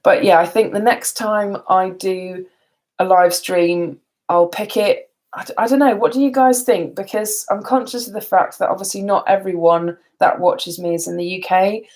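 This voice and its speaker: A woman's voice: mid-range voice, fairly even intonation, moderate pace, a little mellow. Tired chatty woman vlogger. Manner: chatty and rambling, laughs often. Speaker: beauty vlogger. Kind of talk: casual live stream chat.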